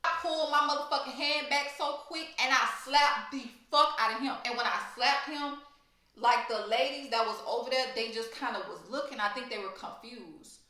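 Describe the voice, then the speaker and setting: A young woman from Louisiana with a Louisiana accent, telling a profane, animated storytime vlog. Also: high voice, moderate pace, very echoey. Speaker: storytime vlogger.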